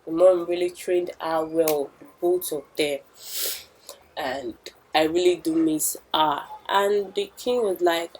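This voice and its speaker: Young woman telling folk tales, talkative, unhurried. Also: fairly low pitch, a little mellow, poor audio. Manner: chatty asides to the listener, repetitive emphasis. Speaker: storyteller. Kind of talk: oral storytelling.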